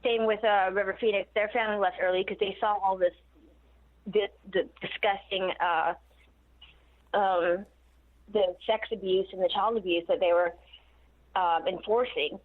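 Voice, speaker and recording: A woman in her forties calls in to an interview and rambles through long, winding stories, laughing now and then. Her voice sits at an ordinary middle pitch and comes through a thin, tinny phone line. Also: steady tone, normal speed, long pauses. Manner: rambling, digressive storytelling with laughs. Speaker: interview guest. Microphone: phone call.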